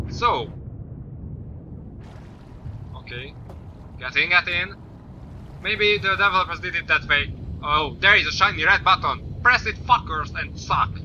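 High, bright-voiced swearing gamer man. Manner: swears a lot, yells at the game. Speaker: gaming YouTuber. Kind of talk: let's play commentary. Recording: slightly dull lo-fi mic with faint noise.

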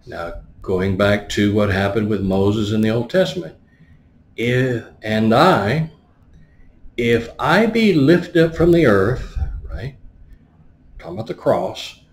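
A man's voice: on the low side, expressive, takes it slowly, pauses often, reverberant, a little hiss or hum. A man preaching a teaching sermon. He explains words one by one and often stops to ask "right?". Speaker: pastor.

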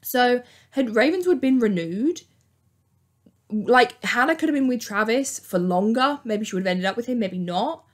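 A young woman hosting a casual, chatty TV recap, acting out quotes in an animated way. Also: fairly high pitch, moderate pace. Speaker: YouTube host.

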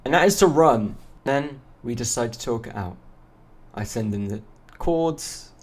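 A young man narrating his game story in a deadpan way, with silly sung beeps. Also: medium pitch, unhurried.

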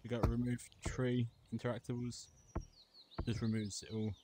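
A man's voice: mid-range voice, flat delivery, moderate pace. Offhand young man listing game options. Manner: reads out menu items in short bursts, offhand. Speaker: gameplay reviewer. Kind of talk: casual game mod walkthrough. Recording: loud background noise.

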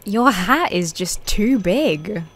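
Woman, gaming commentary, animated and exasperated. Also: mid-range voice, slow. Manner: exasperated, swearing, laughing at the game. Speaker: gaming youtuber.

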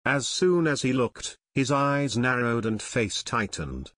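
A man reading his children's fantasy book aloud with steady storytelling. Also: medium pitch, slow pace, dry recording. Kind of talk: audiobook narration.

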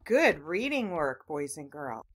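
A woman's voice: low voice, big pitch swings, slow, slightly rough. A woman teaching children phonics, patiently sounding out words letter by letter and talking to the class as boys and girls.

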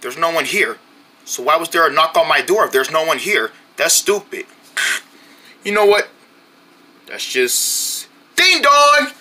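A performer acting out an improvised comedic skit, excitable and often yelling, repeating short phrases in quick bursts. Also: mid-range voice, slightly rough. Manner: excitable, frequently yelling and exclaiming. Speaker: solo skit performer voicing all characters.

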